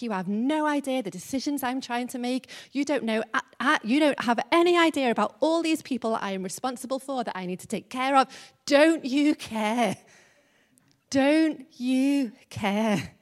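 A woman's voice: sits high, lively intonation, brisk, few pauses. A woman voicing a frazzled, overworked woman who pleads for help and repeats herself in exasperation. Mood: pleading.

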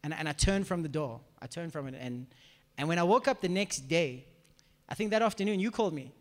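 High-voiced pastor in an echoey hall. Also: male voice, brisk. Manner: animated storyteller acting out quoted voices. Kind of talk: testimony sermon. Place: church hall before a congregation.

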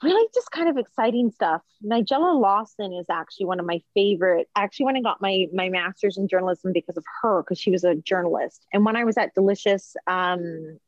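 A woman chatting casually as a podcast guest, telling stories in an animated, rambling way and dropping in lots of fillers. Her voice is mid-pitched and sits close to the mic with no room sound. The recording is slightly dull and lo-fi. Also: brisk, hardly any pauses, no echo. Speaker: chef and food journalist, podcast guest. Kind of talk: casual storytelling chat.

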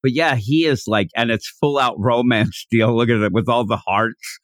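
A man's voice: medium pitch, normal speed, dry recording. A man co-hosting a podcast, chatting casually as he recaps a comic and acts out the characters' lines. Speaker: podcast co-host.

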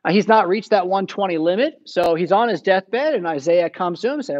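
A man's voice: high voice, animated, brisk, darkish tone, muffled recording. An American man preaching a sermon in a church, retelling the story casually and acting out the quotes.

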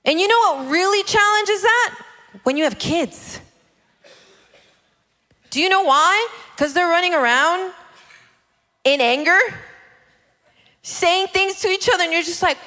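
Bright-voiced woman preaching in an echoey hall. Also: extremely high pitch, measured pace, long pauses. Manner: animated, acts out voices of her kids and God. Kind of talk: sermon.

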